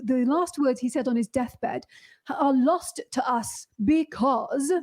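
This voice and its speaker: A woman hosting an interview chat, warm, laughing often and talking in loose restarts. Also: sits high, slow pace. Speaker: host.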